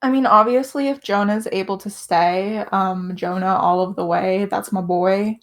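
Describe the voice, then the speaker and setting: A woman's voice: medium pitch, steady tone, normal speed. Blunt, laughing woman on a voice call. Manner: laughs often, swears freely, blunt. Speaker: evicted contestant. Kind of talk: casual exit interview chat. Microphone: online voice call.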